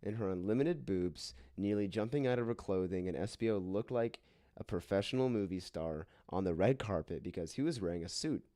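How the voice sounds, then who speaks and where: A man with a lowish voice performs a comic dramatic reading of a silly story, throwing himself into the characters' lines. The sound is dry and close to the mic, with no room around it. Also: fairly quick, mellow, no room sound. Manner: hammy voices for quoted lines, breaks into laughter. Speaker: co-host reading a fan fiction aloud.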